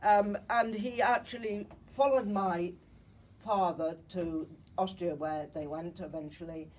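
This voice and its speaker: Older woman in her eighties, from Germany, husky breathy voice, slight cold, slide talk to an audience, chatty, checks in with listeners. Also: on the low side, fairly even intonation, a little slow, far from the mic, low-quality recording. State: has a cold. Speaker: Holocaust survivor speaker.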